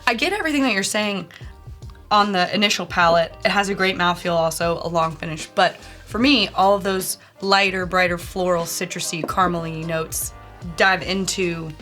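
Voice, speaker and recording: A woman's voice: on the low side, fairly bright tone. A woman co-hosting a casual tasting chat, thoughtfully searching for the right descriptive words. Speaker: co-host.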